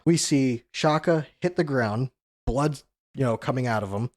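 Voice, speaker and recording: A man at an ordinary mid pitch talks through a comic chapter in easygoing conversation. He leans on "you know" and briefly imitates the characters' lines. His voice sounds dry and close, with no room around it. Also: normal speed, a little mellow, no room sound. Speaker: manga discussion show host. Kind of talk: casual chapter recap.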